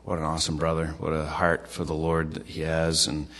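Brief: deep-voiced man preaching in a conversational, halting way. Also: completely flat delivery, a bit bright. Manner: halting, repeats and restarts phrases. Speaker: pastor. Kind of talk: casual sermon.

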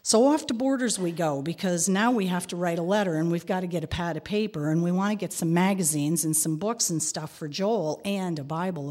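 A middle-aged woman telling a personal story in a prayerful, expressive way, sometimes dropping to a whisper. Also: fairly low pitch, long reverb tail. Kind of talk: devotional reflection and personal storytelling.

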